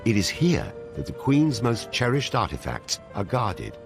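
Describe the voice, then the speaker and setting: A man narrating a documentary in a measured, dramatic scripted delivery. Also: on the low side, wildly swooping pitch, creaky. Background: music.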